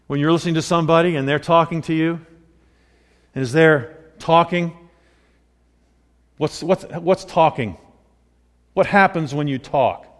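A man preaching a sermon in a conversational, excitable way that rises with emphasis. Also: mid-range voice. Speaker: pastor. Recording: long hall reverb.

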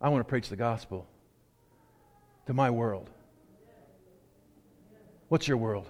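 A man's voice: medium pitch, takes it slowly, darkish tone. A man preaching a sermon in a conversational, storytelling way, with asides, in a church sanctuary with a long hall echo.

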